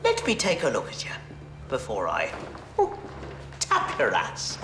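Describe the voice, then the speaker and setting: A man's voice: mid-range voice, huge pitch swings, measured pace, reverberant, noisy background. A podcast host voicing a crude, leering male leprechaun in a sleazy drawl.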